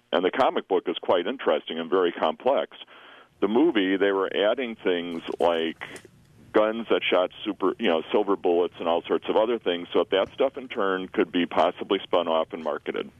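A man in his sixties calling in to a radio show, talking at length and restarting his sentences often. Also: low-pitched. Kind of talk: call-in radio comment. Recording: muffled dry radio audio.

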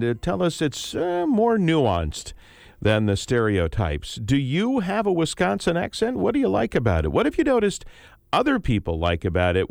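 A man's voice: mid-range voice, gravelly, a little mellow, no room sound. Radio host, male, mid-range voice, dry close studio sound, easygoing interviewer. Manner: friendly, measured interviewer with fillers. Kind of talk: public radio morning show hosting.

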